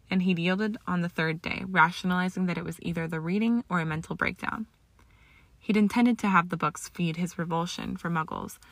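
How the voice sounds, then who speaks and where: A woman narrating fan fiction aloud in a steady storytelling manner, now and then tripping on a word and correcting herself. Her voice is low and carries a gravelly fry. The sound is close and dry. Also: dry recording. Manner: steady storytelling with small slips.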